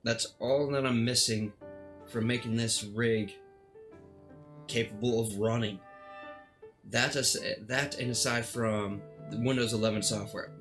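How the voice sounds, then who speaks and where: An exasperated man rants in a casual stream, piling on dramatic complaints and tripping over restarts. His voice sits in a middle pitch, with faint music playing behind him. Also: steady tone, a little slow, pauses often, a bit bright. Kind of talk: casual ranting vlog.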